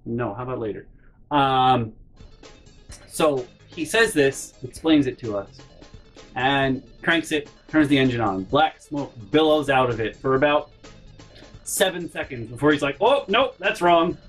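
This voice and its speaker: A man's voice: medium pitch, measured pace, soft background music. A young man telling a personal story in a casual vlog, exasperated and profane.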